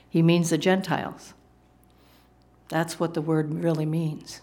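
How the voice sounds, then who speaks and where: A woman's voice: low-pitched, steady tone, normal speed, dark tone. A woman preacher giving a sermon, emphatic, asking the congregation rhetorical questions and explaining the meanings of Greek words.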